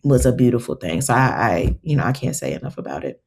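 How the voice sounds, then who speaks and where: A woman's voice: a bass voice, sing-song, quick pace, creaky, darkish tone. A woman herbalist, a guest on a podcast, telling stories in casual conversation and acting out her own quotes.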